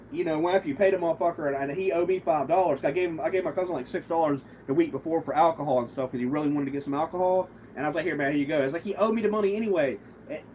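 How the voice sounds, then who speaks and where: Male livestreamer, higher-pitched, profane and aggrieved, rambling retelling; muffled lo-fi audio with faint hiss. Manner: rambling, with many restarts and quoted back-and-forth. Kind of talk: casual livestream rant. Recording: muffled lo-fi stream audio, faint background noise.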